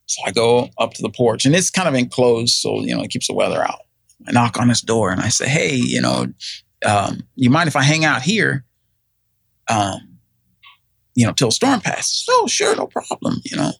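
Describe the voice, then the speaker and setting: A man's voice: medium pitch, animated, moderate pace, gravelly, fairly bright tone, breathy edge, dry recording. A middle-aged man, telling a personal story in casual chat, rambling with many fillers and acting out what people said. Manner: rambling, many fillers and restarts, acts out quoted voices. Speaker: guest telling his story.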